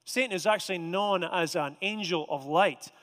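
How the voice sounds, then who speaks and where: A man preaching a sermon, telling stories in a conversational way and slowing down to stress key points. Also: high-pitched, fairly bright tone. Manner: conversational storytelling, emphatic slow stresses. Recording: long hall reverb.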